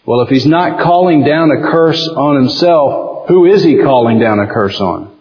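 A man's voice: mid-range voice, lively intonation, normal speed. A man with a Southern US accent preaching a sermon, telling folksy stories and acting out the quotes he reads. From American South. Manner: folksy storytelling with acted-out quotes. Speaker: pastor. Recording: dull lo-fi recording in a reverberant hall.

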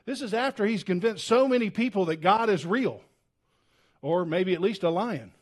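A man preaching a sermon as a pastor, earnest and conversational, swinging from loud urgency to hushed, low tones, with frequent restarts. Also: expressive, moderate pace, slightly rough. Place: church.

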